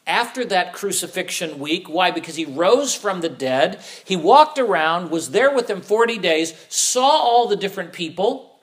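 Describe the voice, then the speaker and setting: A middle-aged man preaching a sermon, asking rhetorical questions and acting out the voices of the people he quotes. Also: sits high. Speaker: pastor.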